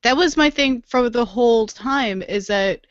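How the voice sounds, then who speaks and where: A woman's voice: a little high, unhurried, no room sound, lo-fi sound. A woman co-hosting a podcast in casual chat, emphatic and repetitive, laughing often. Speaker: podcast co-host.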